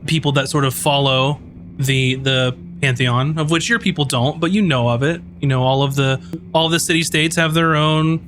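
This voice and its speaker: A man's voice: a little high, fairly even intonation, normal speed, fairly bright tone. Rambling male game master, faint hiss. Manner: rambling, many fillers and restarts. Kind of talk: narrating a tabletop game.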